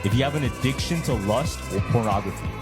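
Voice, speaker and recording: A man's voice: medium pitch, fast, over loud music. A man giving a preachy motivational talk, emphatic and building to each point.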